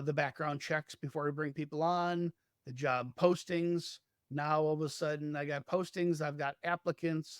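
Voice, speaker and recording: Male podcast host, mid-pitched, earnest, thinks aloud; dry close sound. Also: no echo. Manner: earnest, restarts words when thinking aloud. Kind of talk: casual business discussion.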